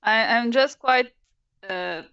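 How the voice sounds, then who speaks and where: A woman's voice: on the high side, slow, sharp tone, lo-fi sound, faint music behind. A woman, a non-native English speaker, playing in a tabletop game and speaking hesitantly with many fillers. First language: not English. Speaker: player. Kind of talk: casual tabletop play.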